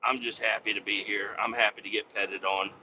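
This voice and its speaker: A man voicing a contented male pet dog with a mellow, drawling voice. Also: on the low side, flat delivery, fairly quick, lo-fi sound, slight background noise, pitched below the performer's own voice.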